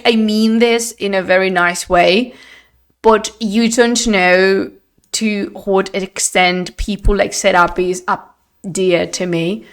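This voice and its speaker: Streamer, woman, mid-pitched, expressive and chatty, laughs a lot. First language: Spanish. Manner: chatty and expressive, laughs often, slips into Spanish phrases. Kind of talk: casual live-stream chat. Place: at home, streaming on camera. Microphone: desk microphone.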